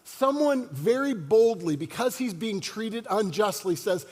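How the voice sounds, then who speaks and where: A man's voice: high voice, lively intonation, measured pace, few pauses, darkish tone. A man preaching a sermon as pastor, in a conversational style and joking with the congregation. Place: church sanctuary. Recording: long church hall reverb.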